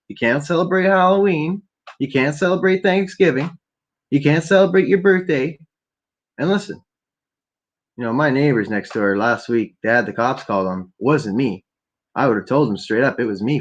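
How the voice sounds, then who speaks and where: A man's voice: medium pitch, fairly bright tone, husky. Rambling, profane stoned man. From Canada. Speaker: podcast host. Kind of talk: rambling late-night solo stream. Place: home at night, keeping quiet for neighbors. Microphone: laptop.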